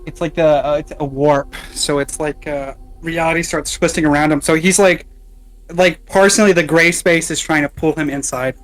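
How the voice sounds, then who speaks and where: A man playing in a tabletop game, talking casually and swearing when excited. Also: a little high, normal speed. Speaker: player.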